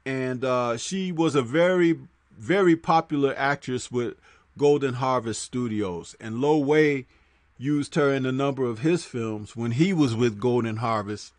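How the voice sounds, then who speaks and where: A man's voice: unhurried, dry recording. A man hosting a casual livestream, talking loosely with many fillers and reading viewer comments aloud. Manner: conversational, reads chat comments aloud; frequent fillers, drops low on asides. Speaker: host.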